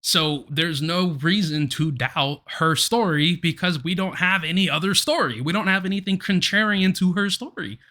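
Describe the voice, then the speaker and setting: A man's voice: sits high, moderate pace, hardly any pauses. A man co-hosting a podcast, telling a story in casual chat with frequent laughter. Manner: animated, laughs often mid-story. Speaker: podcast co-host.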